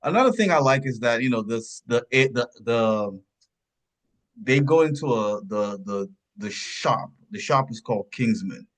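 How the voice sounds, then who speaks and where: Guy rambling on a movie podcast, mid-pitched voice, keeps restarting sentences. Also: expressive, measured pace. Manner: rambling, searching for words, pitch jumps when surprised. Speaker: podcast co-host. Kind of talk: casual film review chat.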